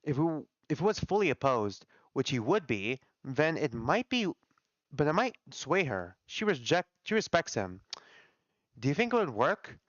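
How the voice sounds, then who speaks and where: A man voicing a frightened, guilt-ridden young staffer who speaks in a hesitant, halting way. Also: on the high side, big pitch swings, a bit bright, no echo. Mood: thoughtful. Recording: dull lo-fi dry audio.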